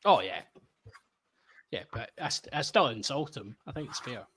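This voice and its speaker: A man's voice: mid-range voice, very animated, moderate pace, a bit bright, a little hiss or hum. A man co-hosting a casual podcast, teasing with stammered restarts. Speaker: podcast co-host.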